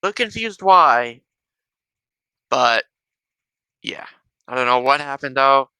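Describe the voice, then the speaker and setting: Rambling, bright-voiced young man on a headset. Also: medium pitch, animated, slow pace, smooth, no echo. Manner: rambling, with many restarts and a habitual "though". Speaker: reaction video host. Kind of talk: casual reaction commentary. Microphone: wireless gaming headset.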